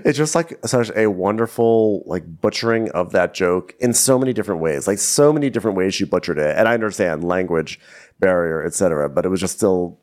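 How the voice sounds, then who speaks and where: Deep-voiced man retelling scenes with laughs. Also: animated, fairly quick, a little mellow. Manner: chatty storyteller, laughs often, mimics quotes. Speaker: podcast co-host. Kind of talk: comedic recap chat.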